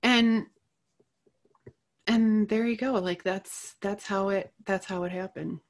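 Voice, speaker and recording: A middle-aged woman with a mid-range voice shares a personal story, candid and animated. She laughs between phrases and speaks with feeling. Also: medium pitch, slow. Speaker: guest.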